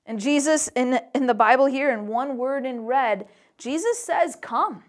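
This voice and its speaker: High-voiced woman, children's church teacher, playful and animated. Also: normal speed. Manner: animated, playful storyteller, talking to kids. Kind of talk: Bible lesson for children.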